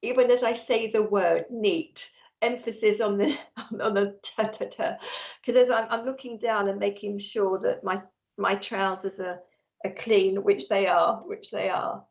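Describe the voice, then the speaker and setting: Chatty woman with a gravelly edge. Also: mid-range voice, steady tone, a little slow, a little mellow, lo-fi sound. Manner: talks nonstop, effusive and chatty. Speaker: psychic medium. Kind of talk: live-streamed psychic reading.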